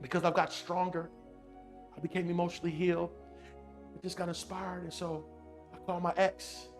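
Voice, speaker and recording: A man giving a motivational talk with a personal story, animated and repetitive, speaking straight to his audience. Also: sits high, normal speed, faint music behind. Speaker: motivational speaker on emotional intelligence.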